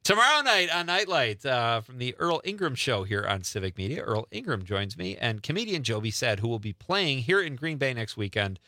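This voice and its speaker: A man's voice: mid-range voice, sing-song, normal speed, few pauses, sharp tone, no room sound. A man hosting a radio quiz segment, upbeat and teasing, laughing often. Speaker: radio show host.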